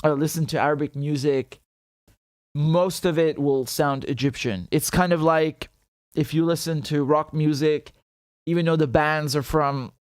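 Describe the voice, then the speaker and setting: A man's voice: on the high side, fairly even intonation, unhurried, clear, resonant tone, no room sound, clean studio sound. A man hosting a casual livestream, talking loosely, laughing often and breaking into Arabic phrases. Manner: chatty, laughs often, mixes Arabic and English. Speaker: show host.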